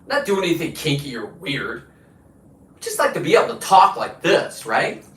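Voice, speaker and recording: A man's voice: fairly high pitch, sing-song, normal speed, fairly bright tone. Profane combative man in a roomy space. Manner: combative, boastful, swearing. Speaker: show host. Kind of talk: profane ranting monologue. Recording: roomy, distant from the mic.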